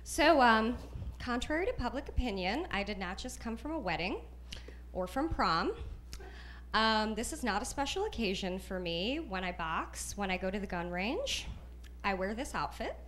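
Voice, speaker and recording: A woman's voice: mid-range voice, sing-song, moderate pace, fairly bright tone, a little hiss or hum. A woman doing a stand-up routine on a comedy club stage into a handheld mic, delivering sassy, ironic one-liners.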